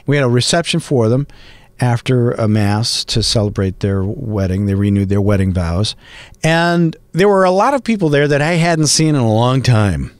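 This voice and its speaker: A middle-aged man hosting a podcast, talking in a chatty, rambling, animated way. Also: mid-range voice, normal speed, no echo. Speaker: podcast host and voice actor. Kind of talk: casual podcast monologue.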